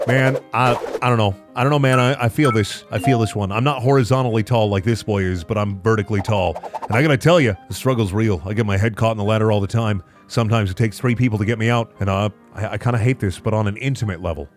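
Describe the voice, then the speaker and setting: A man's voice: on the low side, quick pace. A man doing comedic reaction commentary, mock-outraged and stammering over repeated words. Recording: faint background music.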